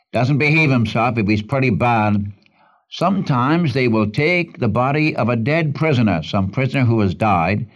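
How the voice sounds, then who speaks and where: A man's voice: mid-range voice, highs cut off. A man teaching the Bible in an earnest radio sermon, repeating phrases for emphasis and calling the listener friend.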